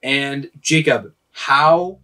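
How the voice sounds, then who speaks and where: A man co-hosting a podcast in casual chat, upbeat and quick to joke. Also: mid-range voice, sharp tone. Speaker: podcast co-host.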